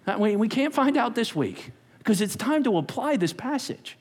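A man preaching a sermon as pastor, animated, acting out quotes and dropping to whispers. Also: very high-pitched, moderate pace. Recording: long hall reverb.

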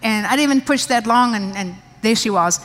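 Her voice is a little high and a little fast, with a fairly bright tone. She's a pastor from South Africa telling a personal story during a conversational sermon, often laughing and starting her sentences over, and a large hall's long reverb surrounds her.

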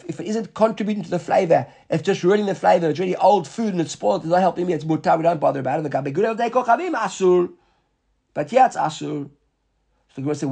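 A man teaching a Talmud class in a slightly raised, gravelly voice with a husky edge. He talks in quick bursts, restarts his sentences and keeps checking that his students follow. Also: a little high, darkish tone.

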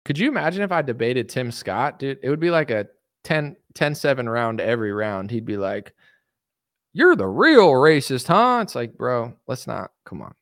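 A man's voice: mid-range voice, normal speed, no room sound, studio quality. A man hosting a livestream, ranting casually about politics in a boastful, combative, sarcastic way. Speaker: livestream host.

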